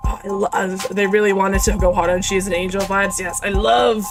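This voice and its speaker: A woman VTuber streamer giving casual, excitable commentary on a game, joking, swearing and laughing often. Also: mid-range voice, a little fast, over music, rough recording.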